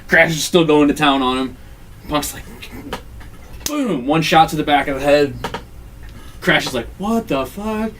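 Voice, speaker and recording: Recorded far from the mic with a little hiss or hum, a man with a somewhat high voice speaks at a measured pace with long pauses. He's a podcast host recapping a wrestling game, telling it casually with plenty of profanity and acted-out quotes.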